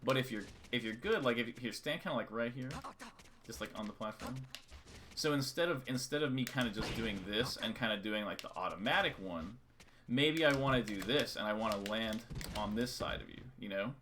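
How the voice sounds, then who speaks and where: Over a background of keyboard clicks and typing, a man coaches a student during a live-streamed game lesson. His mid-range voice is a bit bright and a little fast, and he keeps counting out rhythms again and again in a casual way. There's a slight hiss or hum on the recording.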